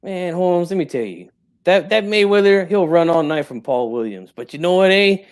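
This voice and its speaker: Brash old boxing dad, streetwise slang, prickly pride, slightly high voice, as a man puts him on. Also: animated, moderate pace, clear, resonant tone. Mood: boastful. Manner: streetwise slang, tags every line with "eh" and "Holmes". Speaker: guest in character.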